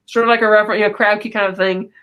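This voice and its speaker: This is a podcast co-host giving a loose, chatty recap of a film. The voice sits at a middle pitch and rambles along, breaking off now and then to quote a line in passing. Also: level tone, sharp tone, smooth. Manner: rambling, retells scenes with quick quoted asides.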